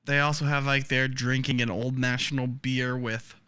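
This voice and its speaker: Midwestern male co-host, wry and chatty, bright and crisp. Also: mid-range voice, level tone, moderate pace. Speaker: podcast co-host. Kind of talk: casual chat.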